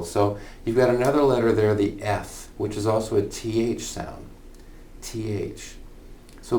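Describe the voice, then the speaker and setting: A man's voice: mid-range voice, moderate pace, dark tone. A man teaching a college humanities lesson in an informal online lecture, thinking aloud with fillers and repeated phrases. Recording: echoey room, somewhat far from the mic, faint noise.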